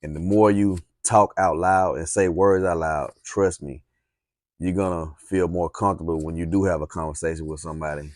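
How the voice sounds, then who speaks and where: A man with a Southern US accent giving casual, encouraging advice on speaking, relaxed and rambling. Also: deep voice, normal speed, no echo, studio quality. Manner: relaxed, encouraging, rambling with fillers and reading aloud. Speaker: speaking coach. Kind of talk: casual instructional talk.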